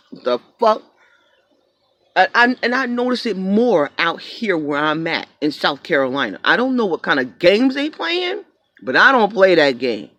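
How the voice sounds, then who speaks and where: A man's voice: sits high, very animated, normal speed, fairly bright tone, dry recording. A man vlogging about his small business, telling a story in a casual, profane rant with acted-out quotes.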